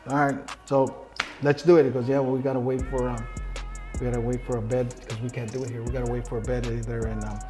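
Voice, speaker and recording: A man's voice: mid-range voice, level tone, quick pace, music in the background. A middle-aged man telling his story in a casual interview, blunt and heavy on swearing, acting out the people he quotes. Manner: profane, blunt storyteller who acts out quoted dialogue.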